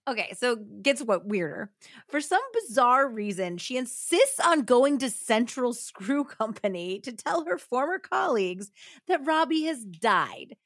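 Animated high-voiced woman podcast host. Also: a little slow, no room sound, studio quality. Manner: animated, laughing, slangy storyteller. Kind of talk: casual true crime podcast storytelling.

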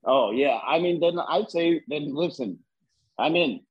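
A man co-hosting a casual podcast chat, an animated storyteller with a husky voice who swears freely. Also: on the high side, a little slow, highs cut off.

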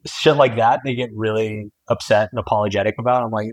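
A man's voice: on the low side, fairly even intonation, fairly quick, dry recording, low-quality recording. A man in his forties, a guest author talking candidly and reflectively in a casual podcast chat, often laughing. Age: 40s.

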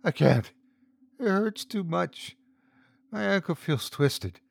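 A man voicing a frightened, injured young woman who sobs, whimpers and pleads in a hoarse, desperate voice in a horror audio story. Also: sits high, expressive, moderate pace, pitched above the performer's own voice. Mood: pained. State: sobbing, hoarse.

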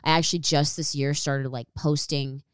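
A woman's voice: sits low, steady tone, normal speed, smooth, no room sound, clean studio sound. A young woman hosting a podcast, chatting candidly with lots of fillers. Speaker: podcast host. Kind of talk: casual chat.

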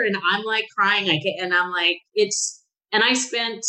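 Speaking unhurriedly, this middle-aged woman talks frankly and heartfeltly about her recovery as a podcast guest, imitating the people she quotes. The audio is low quality; her voice is mid-range, sharp, and fairly even in intonation.

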